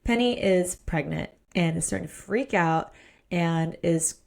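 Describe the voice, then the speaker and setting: Gravelly-voiced woman recapping a romance novel. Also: lowish voice, unhurried. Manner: animated, playful recapping. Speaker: podcast co-host. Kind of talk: casual book discussion.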